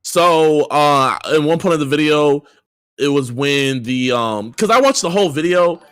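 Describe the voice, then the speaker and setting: An upbeat young man rambles earnestly as a guest on a livestream. His voice sits a little high, and the sound is dry and close. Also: expressive, measured pace, fairly bright tone, clear, resonant tone, no echo. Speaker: streamer guest. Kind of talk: casual livestream chat.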